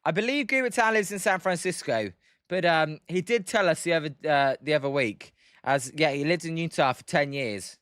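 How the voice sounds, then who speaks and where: A British man calling baseball play-by-play on a live stream in a chatty, casual way, stopping between pitches to answer viewers' chat. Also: normal speed, a bit bright, clear, resonant tone, no echo, studio quality. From Britain.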